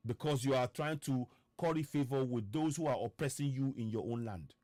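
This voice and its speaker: A man's voice: medium pitch, fairly quick, mellow, dry recording. A man with a Nigerian accent hosting an impassioned online broadcast, firing off repeated rhetorical questions with stammering restarts. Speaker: political activist host.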